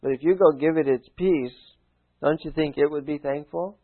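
A man preaching a folksy sermon, urging his listeners, swinging from loud appeals to hushed asides. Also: fairly high pitch, normal speed. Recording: phone-like narrow sound.

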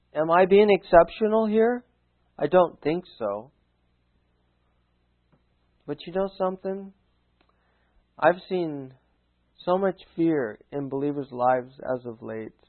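A man preaching a folksy sermon, urging his listeners, swinging from loud appeals to hushed asides. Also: high voice, expressive, slow, long pauses. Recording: phone-like narrow sound.

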